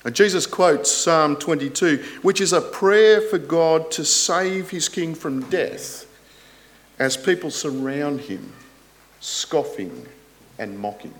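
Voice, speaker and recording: A man preaching a sermon in an earnest, deliberate way, rising loud on quoted scripture and dropping soft at the ends of phrases, with rhetorical questions. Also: on the high side, animated.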